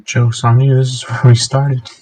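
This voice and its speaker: A man's voice: mid-range voice, level tone, normal speed, darkish tone. A man joking and teasing his friend in casual chat while they play a game together. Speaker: gamer.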